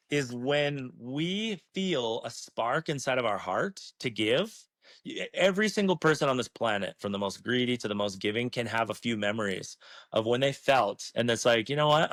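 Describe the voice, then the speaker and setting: A man's voice: mid-range voice, bright, forceful tone, no room sound. A man talking as an interview guest, earnest and emphatic, swearing freely as he makes his case. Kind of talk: passionate casual talk.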